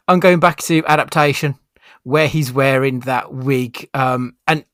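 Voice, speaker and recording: A man's voice: mid-range voice, little pitch movement, slow pace, a bit bright, no room sound. A man with a mid-range voice chats on a casual podcast as a co-host. He talks with enthusiasm and often trips into restarts. The recording is dry and close. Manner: chatty and enthusiastic, with frequent restarts.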